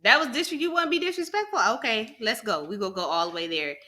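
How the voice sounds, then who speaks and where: A young woman co-hosting a podcast, reacting in casual chat with lively emphasis. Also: on the high side, fast talker. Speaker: podcast co-host.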